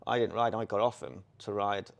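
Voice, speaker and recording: A man, a former jockey co-hosting a podcast, telling racing anecdotes in a lively, casual way. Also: on the low side, brisk, vocal fry. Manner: animated anecdotes, laughs, quotes people in put-on voices. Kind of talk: casual storytelling chat.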